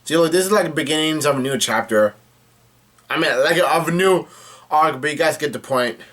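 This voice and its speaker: A man casually recapping a comic chapter, halting often with fillers and restarts. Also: a little high, a bit bright. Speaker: manga reader recapping a chapter.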